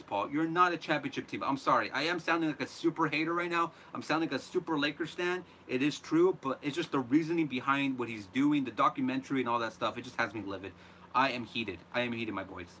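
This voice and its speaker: A man hosting a live reaction show, ranting in an animated, exasperated way. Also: a little high, slight background noise. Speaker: host.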